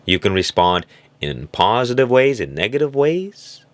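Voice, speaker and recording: A man's voice: mid-range voice, big pitch swings, measured pace, no echo. A man giving a reflective motivational monologue, illustrating his points with little stories and acted-out voices. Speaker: self-help speaker.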